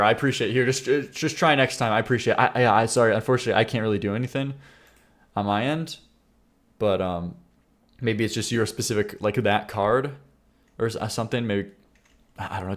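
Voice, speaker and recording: A male streamer chats loosely while he reacts to submissions live. He rambles, restarts his sentences and stammers, and laughs often. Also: on the low side. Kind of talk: casual live-stream chat.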